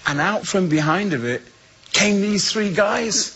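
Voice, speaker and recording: A man with an English accent, a guest speaker telling a humorous personal story with lively voices for the people in it. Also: high voice, measured pace, gravelly, slightly rough, rough recording. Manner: lively storyteller who acts out the voices in his tale.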